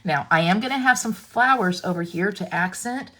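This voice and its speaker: A woman's voice: mid-range voice, expressive, normal speed, sharp tone, slight background noise. A woman leading a live crafting tutorial, chatting to viewers and reading their comments as she works, often restarting her sentences. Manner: chatty, self-interrupting, talks to viewers. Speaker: craft demonstrator.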